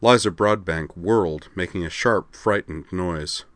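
A man narrating a story aloud in a steady, measured way. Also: deep voice, no echo. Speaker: story reader. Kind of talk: audiobook narration.

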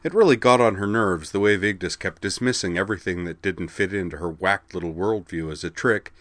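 A man with a very low voice reads a fantasy story aloud in a steady, even way. The recording is close and dry, with no room sound. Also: brisk, dry recording. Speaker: narrator. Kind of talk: storybook narration.

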